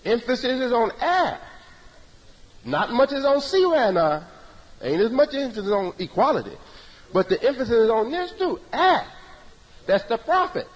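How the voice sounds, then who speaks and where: A man with a very high, husky voice delivers an emphatic religious lecture, repeating his points in a preaching cadence. His pitch swings widely, and the sound carries a long hall echo. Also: sing-song, normal speed, long pauses. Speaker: religious teacher. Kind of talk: sermon-style lecture.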